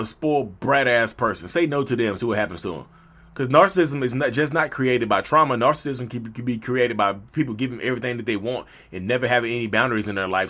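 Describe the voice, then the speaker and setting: A man talking straight to camera about saying no, animated and preachy, in slangy talk that keeps jumping into little acted-out skits. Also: mid-range voice. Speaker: mental health vlogger. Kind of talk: casual direct-to-camera monologue.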